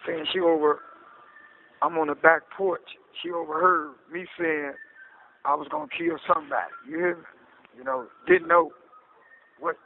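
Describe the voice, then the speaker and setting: A man telling his story in a casual interview, animated and often asking "you hear me?", heard over a phone line. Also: on the high side, creaky, a little hiss or hum. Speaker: interview guest recounting his case. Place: prison phone call.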